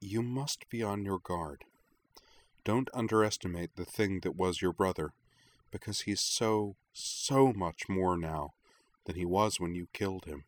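A man voicing a frightened young woman in pain, speaking in a hushed, strained way. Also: mid-range voice, animated, slow pace, pauses often, pitched above the performer's own voice. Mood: hushed dread. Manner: hushed, strained, breaking into pained cries. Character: frightened pained young woman warning a friend.

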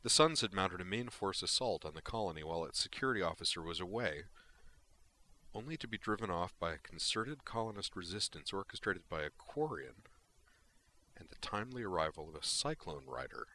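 Male narrator for sci-fi audiobook, deep with a crisp bright edge, steady. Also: a little fast. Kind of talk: audiobook reading of sci-fi fiction.

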